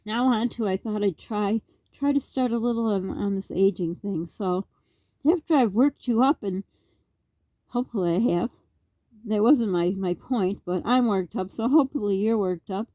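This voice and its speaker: Here the vlogger, a middle-aged woman from Canada, keeps a moderate pace and a warm tone in her mid-range voice, with no echo. Her talk to camera wanders and gets heated, peppered with rhetorical questions.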